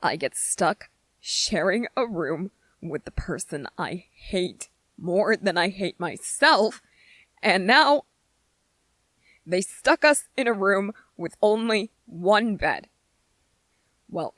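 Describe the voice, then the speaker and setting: A woman's voice: mid-range voice, animated, slow, fairly bright tone, no echo. A woman voicing an irritable young male soldier trainee in a whispered role-play, speaking with biting sarcasm and strained patience. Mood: bitter.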